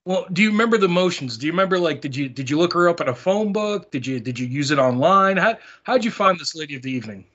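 A higher-voiced man needles his co-hosts with crude, mocking questions on a casual podcast. He swears casually. The audio is dull and lo-fi. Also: animated, fast, few pauses, a bit bright. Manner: teasing, profane questioner. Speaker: podcast co-host.

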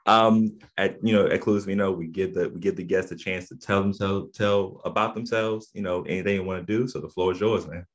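A man's voice: low voice, steady tone, fairly quick, few pauses. A man hosting a casual podcast chat, laid-back and slangy, often repeating his words as he talks. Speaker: podcast host.

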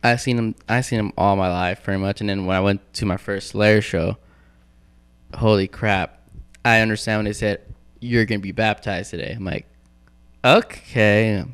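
A man chatting casually as a podcast guest, telling animated stories and acting out quotes. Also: lowish voice, moderate pace, smooth. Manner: animated storyteller, acts out quotes. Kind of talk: casual chat.

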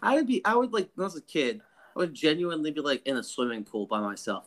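A young man from North Texas with a bright, forceful voice, co-hosting a podcast. He talks casually, with quick jokes and easy swearing. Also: fairly high pitch. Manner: joking, profane, animated. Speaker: podcast co-host. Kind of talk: casual chat.

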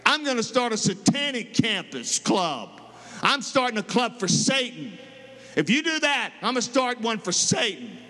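A man's voice: extremely high pitch, sing-song, normal speed, bright, forceful tone, voice pushed up, heavily acted. A man voicing a troubled teenage boy, defiant at first and later awed, as he retells the boy's words in a sermon. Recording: long hall reverb.

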